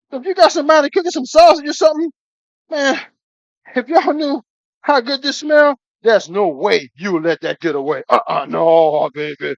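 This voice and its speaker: A man cooking on a live stream, talking excitedly to his viewers, calling them baby again and again and breaking into whoops. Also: high-pitched, normal speed, gravelly, dry recording. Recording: dull lo-fi stream audio.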